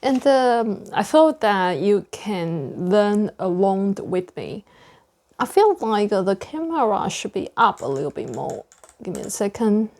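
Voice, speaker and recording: Slow, deliberate woman practicing pronunciation. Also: mid-range voice, very animated, darkish tone. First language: non-native English speaker. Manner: speaks slowly and deliberately, over-articulating word endings. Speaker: pronunciation learner sharing lessons. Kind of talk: casual on-camera pronunciation practice. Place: indoor room with a whiteboard. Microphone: camera close to the face.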